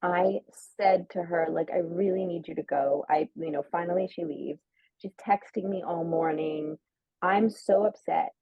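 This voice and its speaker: A woman's voice: lowish voice, a little slow, gravelly, dry recording. A woman telling a personal story in casual chat, full of "like" and acting out quoted lines. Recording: narrow phone-like sound, dry.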